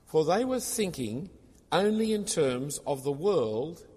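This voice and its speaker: A man's voice: a little high, very animated, slow, darkish tone, husky. A man preaching a sermon, explaining scripture in an expository way with casual personal asides. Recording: long reverb of a large hall.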